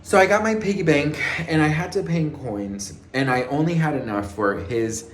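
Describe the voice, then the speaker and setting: Here the gossip vlogger's voice sits fairly high and moves at a moderate pace, with slight background noise. He's sassy and theatrical, calling viewers "girl" and "best friend," raising his voice to act out quotes, all in an echoey room with faint ambience.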